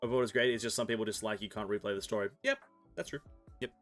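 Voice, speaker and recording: A man's voice: fairly low pitch, fairly even intonation, very fast, soft background music. A man streaming a game, chatting casually in a rambling, self-correcting way and now and then swearing. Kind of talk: casual gameplay commentary while reading game text aloud.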